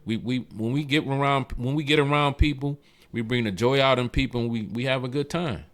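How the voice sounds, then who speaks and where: Smooth-voiced man telling lively stories. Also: fairly quick. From Michigan. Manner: animated, acts out quoted voices with big jumps in pitch. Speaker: car club president, guest. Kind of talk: casual storytelling interview.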